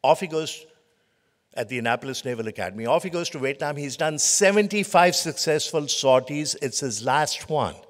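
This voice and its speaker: A man's voice: fairly high pitch, expressive, normal speed. Man lecturing in a reverberant hall. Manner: emphatic, builds lists of short phrases. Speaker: physician giving a leadership lecture. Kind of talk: conference lecture with storytelling. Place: conference hall.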